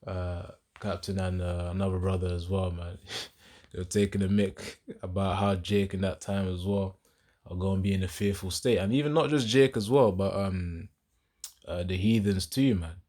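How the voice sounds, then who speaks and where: Deep-voiced casual man teaching scripture. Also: steady tone, a little mellow. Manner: loose and chatty, laughs often, reads verses slowly and emphatically.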